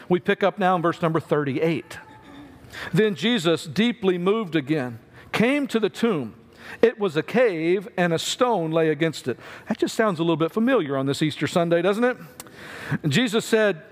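High-voiced man preaching in a reverberant hall. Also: lively intonation, moderate pace. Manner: conversational, acts out voices in retelling. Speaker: pastor. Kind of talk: Easter sermon.

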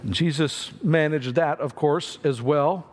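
High-voiced man preaching in a reverberant hall. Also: measured pace, darkish tone. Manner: conversational, acts out voices in retelling. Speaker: pastor. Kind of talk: Easter sermon.

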